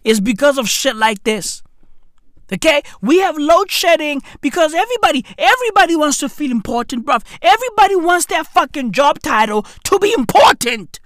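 A woman's voice: high voice, sing-song, normal speed, fairly bright tone, no room sound, studio quality. Exasperated woman, profane rant. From South Africa. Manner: profane, exasperated, heavy use of slang. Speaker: comedian ranting to camera. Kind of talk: comedic rant.

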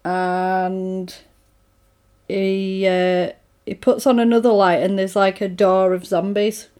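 A woman in casual chat, recapping a film with animated storytelling and frequent laughs. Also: medium pitch, slow.

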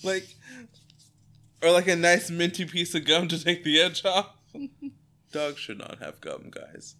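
Slow-talking laughing man co-host. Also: fairly high pitch, animated, pushed and bright. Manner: laughs often, swears freely. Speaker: podcast co-host. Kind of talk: casual rewatch chat.

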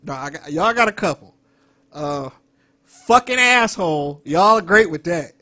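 Man, high bright voice, very lively pitch, crude, laughing, casual chat. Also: a little fast.

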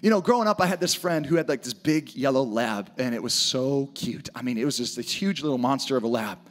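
A man preaching an energetic sermon to a church audience, often shouting for emphasis. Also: medium pitch, brisk. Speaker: pastor. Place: church auditorium with live audience.

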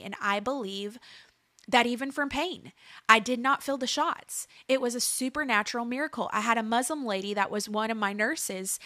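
A woman's voice: a little high, normal speed, pushed and bright, no room sound, studio quality. A woman in her thirties giving an earnest preaching testimony, building emphasis through repeated phrases. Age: 30s. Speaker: speaker sharing a faith testimony.

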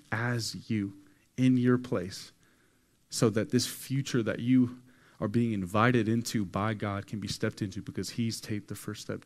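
A man preaching a sermon to a congregation, telling a story with casual slang and acting out the quoted voices. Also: on the low side. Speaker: pastor. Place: church hall with an audience.

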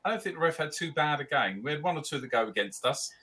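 A man's voice: fairly high pitch, lively intonation, fast, sharp tone. A man talking football on a fan podcast, blunt and rambling, with frequent stammers and restarts. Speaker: podcast panelist. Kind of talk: casual chat.

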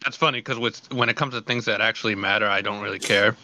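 Bright-voiced young man, podcast co-host. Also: lowish voice, steady tone, fast talker, lo-fi sound. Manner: laughing along, agreeable, swears when venting. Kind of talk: casual chat.

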